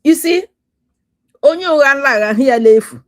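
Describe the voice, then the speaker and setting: A woman's voice: high-pitched, big pitch swings, moderate pace. A woman with a Nigerian Igbo accent speaking as a guest on a talk show, angry, emphatic and lecturing. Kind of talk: casual talk show chat.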